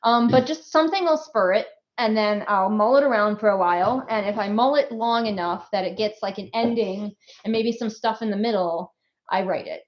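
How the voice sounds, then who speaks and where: Woman, author hosting a livestream, casual chat, giggly, chatty, ordinary pitch, slightly muffled audio. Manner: chatty and giggly, quick asides. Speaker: author hosting a book release stream.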